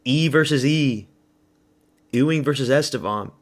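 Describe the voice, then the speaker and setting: A man's voice: medium pitch, measured pace. A man streaming a fight watch party, chatting casually and answering viewers while calling the action, with plenty of swearing. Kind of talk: casual live fight commentary.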